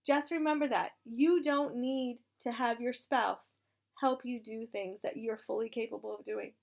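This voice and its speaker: A woman in her thirties, a military spouse with a hoarse, raspy voice, talking casually and frankly, encouraging listeners and swearing now and then. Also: a little high, steady tone, moderate pace, darkish tone. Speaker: military spouse sharing advice. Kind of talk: casual direct-to-camera talk.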